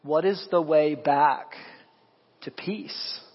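A man preaching a sermon as pastor, animated and quizzing the congregation with questions. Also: on the high side, takes it slowly, husky. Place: church sanctuary. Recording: echoey hall, dull lo-fi sound.

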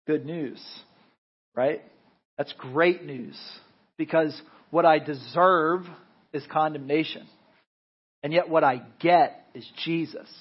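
A man's voice: on the high side, takes it slowly, long pauses, breathy edge, lo-fi sound. An American man preaching a sermon as pastor, in a conversational style that keeps checking in with the congregation. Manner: conversational preaching with frequent "right?" tags.

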